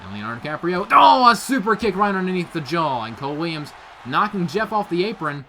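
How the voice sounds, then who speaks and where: A young man calls wrestling play-by-play in a bright, lively, fairly high voice that leaps up on every big move. His delivery is hyped and full of exclamations. A faint hiss of background noise sits under the home recording. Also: fairly quick. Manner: hyped, frequent "oh" exclamations, rising to shouts at big moves. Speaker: play-by-play commentator for video game wrestling. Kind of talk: excited play-by-play commentary.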